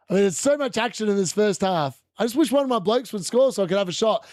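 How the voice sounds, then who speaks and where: Excitable high-voiced man, live football watchalong. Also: fairly quick, pauses often, no room sound, clean studio sound. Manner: excitable, shouting at goals, chatty asides. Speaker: fantasy football streamer hosting a watchalong.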